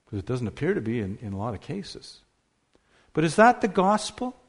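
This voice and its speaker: A man's voice: medium pitch, wildly swooping pitch, fairly quick, husky. A man preaching a sermon, emphatic, asking rhetorical questions and stressing key words.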